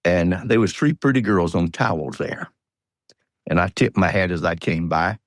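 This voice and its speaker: Captured in a clean studio with no room sound, this deep-voiced Georgia man in his eighties talks at a normal speed with lively intonation. He's a guest in a storytelling interview, spinning folksy, rambling tales in a Southern accent and chuckling along the way.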